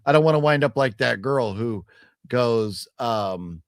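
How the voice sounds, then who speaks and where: A man's voice: medium pitch, expressive, a little slow, smooth, no echo, studio quality. A man hosting a casual podcast stream, tipsy from drinking, rambling and joking as he reads out viewer comments. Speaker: podcast host. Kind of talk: casual livestream chat.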